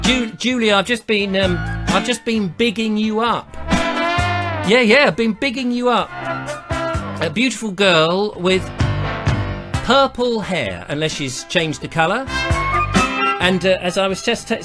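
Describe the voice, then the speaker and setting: British man, home live-stream host, chatty and self-mocking, animated pitch. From Britain. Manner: rambling, jokey, self-mocking. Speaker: livestream host. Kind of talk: casual live chat to viewers. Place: back room at home. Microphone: laptop or webcam mic.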